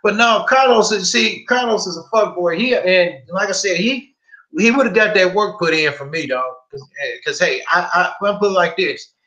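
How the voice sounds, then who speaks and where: A young man hosting a podcast, telling profane, animated stories full of quoted back-and-forth. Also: high voice, moderate pace, echoey room, low-quality recording. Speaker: podcast host. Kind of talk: casual podcast storytelling.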